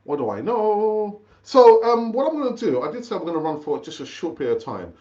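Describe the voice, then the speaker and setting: A man hosting a live fan stream, loose and chatty, who calls his viewers brother and keeps doubling back on his words. His voice sits fairly high for a man. The stream audio is dull and lo-fi. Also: very animated, fast, darkish tone. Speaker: fan channel host.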